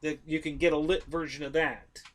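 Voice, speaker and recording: A man with a slightly high, level voice speaks at normal speed on a live stream, casually rambling about model planes. He corrects himself as he goes and addresses his viewers directly.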